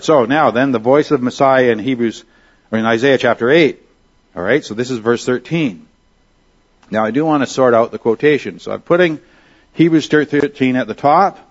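Man teaching scripture on a dull recording. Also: mid-range voice. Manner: explanatory, checks in with "all right?". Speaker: Bible teacher. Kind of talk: classroom Bible teaching.

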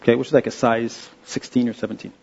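A man giving an informal slide-show talk, halting and restarting with many fillers. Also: medium pitch, level tone, gravelly, darkish tone, husky, highs cut off. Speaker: presenter.

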